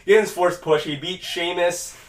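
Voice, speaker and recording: A man hosts a casual podcast with loose, rambling talk full of profanity, his voice sitting a touch high for a man. The sound is roomy and echoey, and he sits some way back from the microphone. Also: normal speed. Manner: rambling, profane, animated when quoting. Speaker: podcast host. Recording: echoey room, mic at a distance.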